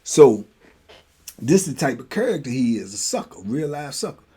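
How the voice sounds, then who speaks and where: A man hosting a show, telling a prison story in a casual, animated way, full of slang and "you know what I'm saying.". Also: mid-range voice, moderate pace, breathy edge. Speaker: host telling prison stories.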